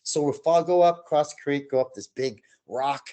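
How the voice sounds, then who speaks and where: A man telling his own eerie outdoor experiences to an interviewer, in an animated way that acts out the other people in the story. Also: fairly high pitch, normal speed. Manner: animated, acts out quoted voices. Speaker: guest storyteller. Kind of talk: telling personal paranormal stories.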